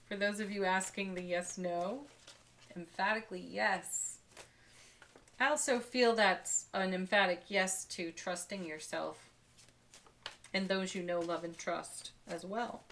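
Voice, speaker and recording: A woman giving a daily tarot card reading, speaking softly and warmly with gentle enthusiasm and frequent light laughs. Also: mid-range voice, steady tone, slow pace, long pauses, slight background noise. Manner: soft, spiritual, gently enthusiastic, laughs often.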